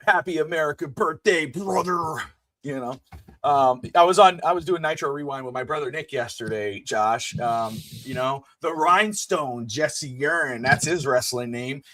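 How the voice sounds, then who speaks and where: A man co-hosting a wrestling podcast, chatting casually in an excitable, animated way. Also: medium pitch, moderate pace. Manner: excitable, animated, with playful bursts. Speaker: podcast co-host.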